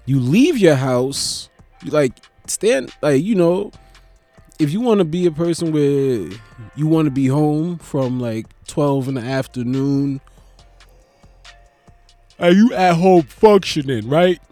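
A young man, a stand-up comedian, rambles sleepily and profanely at night, yawning and mocking himself in a casual late-night monologue. His voice is on the high side, expressive and warm, at a measured pace. There's no room sound, with faint music in the background.

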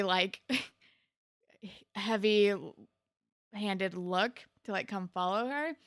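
Young woman, casual recap chat, gravelly fry, dry close sound, lots of "like". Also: medium pitch, a bit bright, no room sound. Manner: chatty retelling full of "like", quick put-on quotes. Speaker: podcast co-host.

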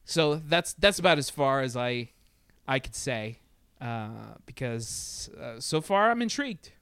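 A man's voice: medium pitch, animated, unhurried, a bit bright, clean tone, no room sound. A man chatting casually about a TV show, hesitant, stumbling through restarts as he thinks aloud. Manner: hesitant, many restarts and fillers. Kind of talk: casual review chat.

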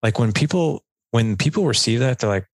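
A man talking casually as a podcast guest, a coach who explains things in a relaxed conversational way and acts out little bits of dialogue. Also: mid-range voice, a little fast, no room sound. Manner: conversational, filler-heavy, acts out quoted dialogue.

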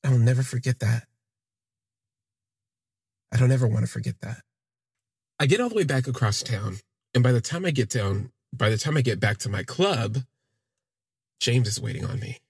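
A man telling a personal story in the first person, in a halting, reflective way that trails off and restarts. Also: mid-range voice, lively intonation, creaky, a little mellow, breathy edge, dry recording, studio quality. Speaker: podcast storyteller.

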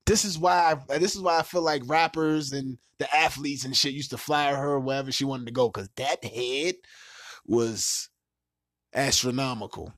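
A man's voice: medium pitch, steady tone, moderate pace, a bit bright, no echo, studio quality. A man hosting a podcast, telling a crude dating story in casual, profane chat, laughing and mimicking other people. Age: adult with a child. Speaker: podcast host.

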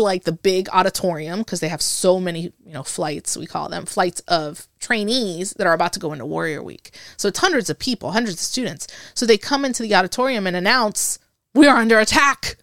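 A woman in her forties, an interview guest, telling a story from her past in an animated, chatty way. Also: mid-range voice, a little fast, no echo, clean studio sound. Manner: animated storyteller who acts out remembered dialogue. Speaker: interview guest, Air Force veteran.

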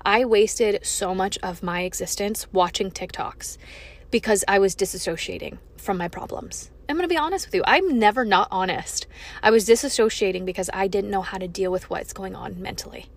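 A young woman hosting her own podcast, talking frankly and emphatically, swearing freely as she opens up about feeling low. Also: moderate pace. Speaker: podcast host. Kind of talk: candid solo podcast monologue.

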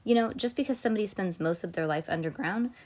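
A woman's voice: medium pitch, fast, a little mellow, breathy edge, close to an everyday voice. A woman voicing a grumpy, muffled male creature from underground, complaining from inside a backpack in a storybook reading. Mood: grumbling.

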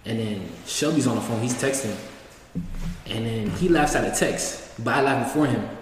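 A man's voice: medium pitch, moderate pace. A young man tells a long, rambling story in loose, slangy talk, acting out every line he quotes. His voice rings in a very echoey room, picked up from a distance with a faint hiss under it. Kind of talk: casual storytelling.

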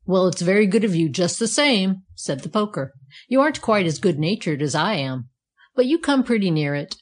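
A woman voicing a cheerful, self-satisfied talking fire poker in a read-aloud storybook, speaking calmly. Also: fairly low pitch, normal speed. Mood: contented.

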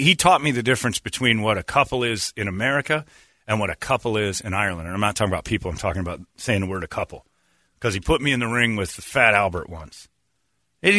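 A man's voice: on the low side, sharp tone, no echo. A man from the area, hosting a radio show and teasing his co-hosts in casual studio banter. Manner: joking, teasing storyteller.

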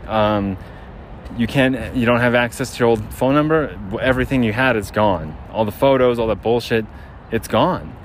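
A man, a little out of breath, rambles through a casual podcast monologue while walking outside. He keeps restarting his sentences at a mid pitch. Faint street and engine noise sits under his voice. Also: moderate pace. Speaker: podcast host. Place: outdoors on a city street, near a generator. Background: street and traffic noise.

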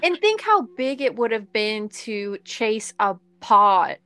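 A slow, lively-voiced woman podcast host. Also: mid-range voice, no room sound. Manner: reactive, interjecting. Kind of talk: casual chat.

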